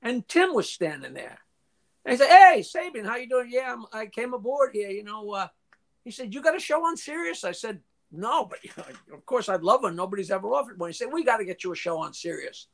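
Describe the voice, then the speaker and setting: An older man, a guest in a casual interview, tells long anecdotes full of restarts, swearing and acted-out quotes, clearing his throat now and then. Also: sits high, animated, fairly quick, a bit bright. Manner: profane, frequently clears throat.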